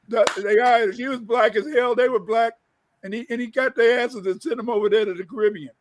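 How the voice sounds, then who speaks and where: A man's voice: very high voice, steady tone, a little fast, a little hiss or hum, rough recording. A man co-hosting a casual talk, emphatic and rambling, often repeating himself. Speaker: co-host.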